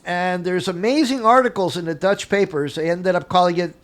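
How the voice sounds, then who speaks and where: An older man, a guest on an interview show, telling animated anecdotes from his career and acting out the dialogue with frequent chuckles. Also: high-pitched, a little fast. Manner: acts out dialogue in quotes. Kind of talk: casual storytelling interview.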